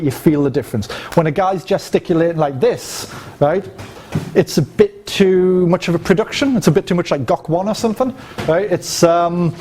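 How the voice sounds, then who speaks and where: A dating coach teaches a seminar to a live audience, loose, chatty, and profane, tagging lines with "right?" and demonstrating physically as he talks. His voice is fairly high and a little mellow, with slight background noise.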